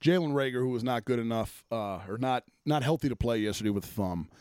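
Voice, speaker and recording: A man's voice: medium pitch, quick pace, a little mellow, clear, resonant tone, no room sound, clean studio sound. Blunt profane man ranting about sports. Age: adult, former offensive lineman. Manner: blunt, swearing, exasperated. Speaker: sports talk host.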